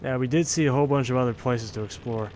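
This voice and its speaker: A man hosts a casual gameplay session, teasing his co-player and reacting excitably to the game. His voice sits in an ordinary mid range, with playful, quick banter. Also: mid-range voice, a little hiss or hum. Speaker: host of a gameplay channel.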